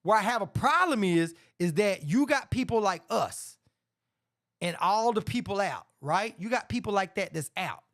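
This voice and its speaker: A man's voice: sits high, expressive, normal speed, a bit bright. Middle-aged dude venting about boxing on his show, cussing a lot, says man every other line, gets fired up. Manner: blunt, profane, repeats "man" a lot, gets heated. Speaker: sports talk show host. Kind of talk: casual boxing commentary rant.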